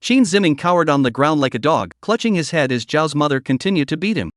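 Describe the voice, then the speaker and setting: A man's voice: a little high, expressive, quick pace, no room sound, studio quality. A man narrating a dramatic story recap in a scripted storytelling style.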